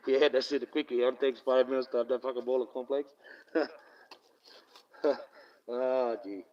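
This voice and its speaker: A man's voice: medium pitch, fairly even intonation, measured pace, pauses often, a little mellow, distant mic, lo-fi sound. A man hosting a casual live stream into his phone, rambling, swearing freely and laughing often. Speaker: livestream host. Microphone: phone camera.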